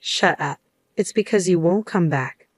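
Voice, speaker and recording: A man's voice: high voice, measured pace, dry recording. A woman reading the lines of a selfish young ex-husband who turns defensive and pushy. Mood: angry.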